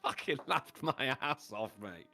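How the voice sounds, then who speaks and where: A man's voice: medium pitch, expressive, measured pace, vocal fry, pushed and bright. An Englishman co-hosting a casual podcast chat, joking and sarcastic. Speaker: podcast co-host.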